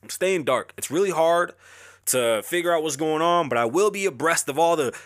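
A man's voice: on the high side, animated, normal speed, no echo, clean studio sound. A middle-aged man hosting a podcast, talking candidly and emotionally about his family and his struggles, profane and rambling. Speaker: podcast host. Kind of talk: candid personal talk.

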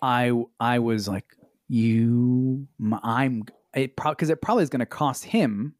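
A man on a podcast telling a story in an exasperated, animated way, swearing freely and swinging up into high pitch. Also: a little slow, no room sound, clean studio sound. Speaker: podcast co-host. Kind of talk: casual storytelling chat. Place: Los Angeles.

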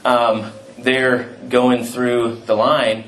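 A man's voice: medium pitch, level tone, very slow, crowd noise. A middle-aged man preaching a sermon as pastor, in a conversational, storytelling way with asides and fillers. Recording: roomy, distant mic with faint ambience.

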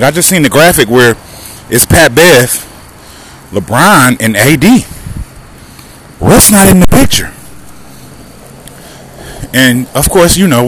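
A man with a Southern American accent rants through a casual podcast monologue, pitch jumping high when he gets worked up. He's outdoors on foot beside traffic, recording on his phone, with faint street noise and passing cars behind him. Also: fairly bright tone, low-quality recording. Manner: emphatic, repetitive, heated rhetorical questions. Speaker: podcast host. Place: outdoors walking near traffic.

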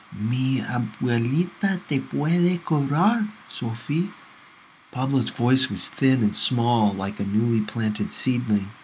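A man reading a novel aloud for a class, with measured, gentle first-person narration. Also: medium pitch, slight background noise, rough recording. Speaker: audiobook reader for a class.

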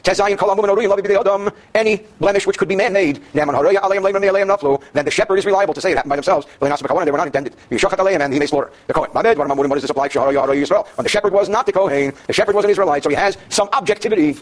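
With a high-pitched voice, this man speaks rapid-fire and barely pauses. He's a Torah teacher giving a daily Jewish law class to students present, reading Hebrew passages before translating them and explaining them with humor.

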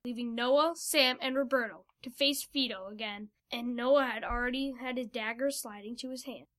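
A woman's voice: fairly high pitch, moderate pace, fairly bright tone. A woman reading a fantasy story aloud as narrator.

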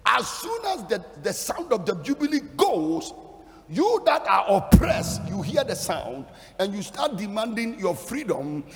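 A man delivering a fiery sermon, his high voice swooping widely as he stresses each point. He builds from low, measured lines into shouted declarations. The long reverb of a large hall trails after every phrase. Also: very animated. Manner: emphatic, rising into shouted declarations. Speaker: preacher.

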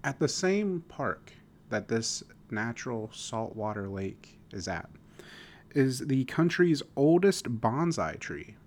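Soft-spoken male podcast co-host, mid pitch, quiet delivery, reads quiz clues. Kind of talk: casual chat.

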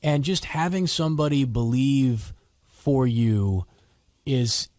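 A man's voice: medium pitch, animated, takes it slowly, darkish tone, dry recording, studio quality. A man hosting an interview conversation, reflective and supportive as he responds to his guest. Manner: reflective, supportive, some restarts. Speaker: podcast host.

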